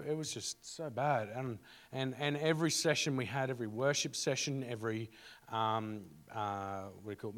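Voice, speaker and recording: Earnest, halting man. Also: on the low side. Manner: earnest, halting, many fillers and restarts. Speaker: church member sharing a testimony. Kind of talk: casual spoken testimony.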